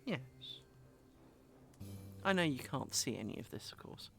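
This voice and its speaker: A woman with a low, unhurried voice chats on a home live stream, cooing affectionately at her dog. Her pitch swings widely as she talks, and music plays clearly underneath. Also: big pitch swings. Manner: coos and chats to her dog between remarks. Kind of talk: casual live stream chat. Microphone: desk microphone.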